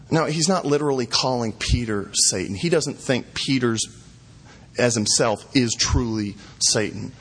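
A man's voice: medium pitch, normal speed, a bit bright, slightly rough. A man preaching a sermon, retelling scripture in casual, conversational words and repeating lines for emphasis. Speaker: pastor.

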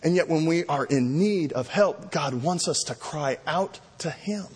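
A man's voice: a little high, lively intonation, measured pace, husky. A pastor preaching a sermon, telling stories and acting out cries for help as he goes. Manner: storytelling preacher, varies pace, acts out cries. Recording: long reverb in a large hall.

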